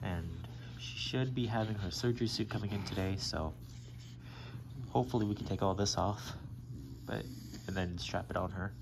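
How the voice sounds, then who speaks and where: A man filming his dogs at home, chatting casually and slipping into playful baby talk that jumps up high. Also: normal speed. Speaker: dog owner filming his pets. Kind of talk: casual home video chat. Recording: home video with clear background noise.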